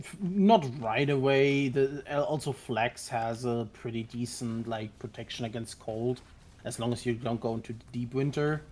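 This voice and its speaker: An animated man trading casual chat during a game session. He swings into theatrical mock outrage, then settles back into easy talk at a medium pitch. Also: a little hiss or hum. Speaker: co-player on a stream. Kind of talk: casual chat while gaming.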